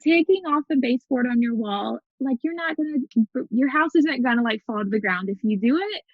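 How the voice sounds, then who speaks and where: Fast-talking American woman on a muffled line. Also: a little high, expressive, dry recording. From United States. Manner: rapid, lots of "like" fillers, encouraging. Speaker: guest photographer. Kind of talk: casual interview chat.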